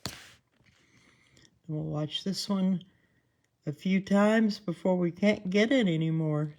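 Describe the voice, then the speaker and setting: Slow-talking Southern woman with a twang. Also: lowish voice, darkish tone. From Southern United States. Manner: chatty, laughs often, self-deprecating. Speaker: host. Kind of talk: casual live commentary.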